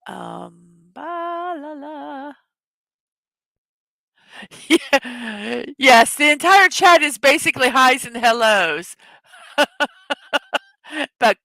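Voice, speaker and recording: Bright, chatty woman hosting a livestream. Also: fairly high pitch, sing-song, extremely slow, gravelly, pauses often, dry recording. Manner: chatty, rambling with restarts and frequent laughs. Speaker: livestream host. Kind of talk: casual livestream chat.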